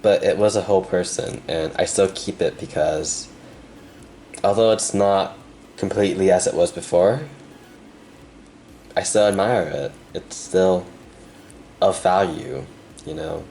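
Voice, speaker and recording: A young man with a deep, low voice gives a pick-a-card tarot reading, speaking softly and earnestly to the viewer. He leaves pauses between thoughts and turns emotional at times. A faint hum runs under the recording. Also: vocal fry. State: emotional, close to tears. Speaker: tarot reader.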